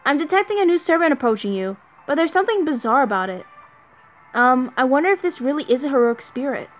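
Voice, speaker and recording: A woman voicing a hurried, uneasy male doctor. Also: high voice, very animated, soft background music. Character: worried male doctor, cautious and hesitant.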